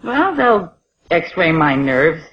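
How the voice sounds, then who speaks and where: A woman's voice: on the low side, very animated, very slow, heavy background noise, full character voice. A woman playing a nagging, doting mother. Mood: fretting. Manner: wheedling and guilt-laying. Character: doting, nagging, guilt-tripping middle-aged mother. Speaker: comedy performer. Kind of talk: comedy sketch dialogue. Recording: dull old comedy record with audience laughter.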